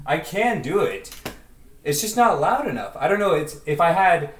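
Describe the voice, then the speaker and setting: A man's voice: fairly high pitch, big pitch swings, normal speed, darkish tone, distant mic, faint music behind. A man chatting casually and ramblingly in a self-deprecating vlog, talking into a headset in his bedroom. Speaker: video creator. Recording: roomy echo.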